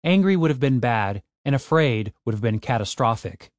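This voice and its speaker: Brief: male audiobook narrator, animated intonation, dry close recording. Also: medium pitch, normal speed, few pauses, dry recording.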